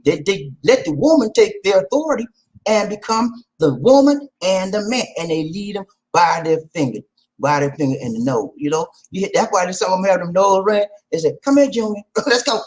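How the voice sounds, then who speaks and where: Lively slangy man with big laughs. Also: high voice, rough recording. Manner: animated, preachy, laughs loudly at own jokes; slangy, repeats "man" and "okay". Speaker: vlog host. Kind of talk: casual advice talk to viewers.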